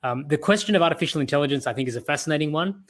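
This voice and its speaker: A man's voice: a little high, expressive, racing, a bit bright. Australian man giving an earnest talk. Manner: earnest, storytelling delivery. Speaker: conference speaker. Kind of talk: virtual conference talk.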